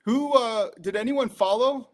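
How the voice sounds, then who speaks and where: A man's voice: extremely high pitch, measured pace. A man co-hosting a live sports betting stream, chatting casually with short, easygoing remarks. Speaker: co-host.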